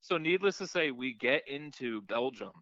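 A man co-hosting a podcast, telling an animated story in casual chat, swearing often and acting out the people he met. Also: mid-range voice, normal speed, no room sound, lo-fi sound. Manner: animated storyteller, swears a lot, acts out voices. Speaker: podcast co-host.

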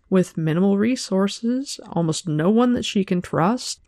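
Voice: mid-range voice, a little mellow, no room sound, studio quality. A podcast host thoughtfully discussing a book and reading passages from it aloud. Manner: thoughtful, analytical.

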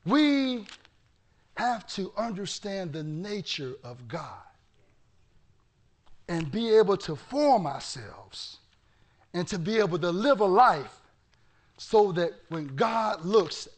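A male pastor preaching a sermon with animated storytelling that bursts into shouting. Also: high voice, slow pace, pauses often.

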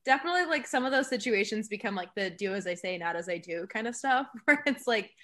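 A woman's voice: mid-range voice, expressive, quick pace, fairly bright tone. A young woman co-hosting a podcast, telling a funny story in casual chat, laughing often and filling her talk with "like". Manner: giggly storyteller, many fillers. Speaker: podcast co-host.

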